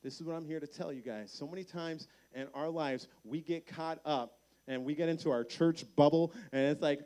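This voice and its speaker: A man preaching a lively youth sermon at a camp meeting, acting out voices in his stories. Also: a little high, brisk, clear, resonant tone. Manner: energetic preaching, acts out voices in quotes. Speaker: camp speaker.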